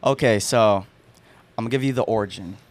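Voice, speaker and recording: A man's voice: on the low side, fairly quick, dry recording. A young man, a podcast guest, telling a story in a rambling casual chat full of fillers and restarts. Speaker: podcast guest, haunt performer.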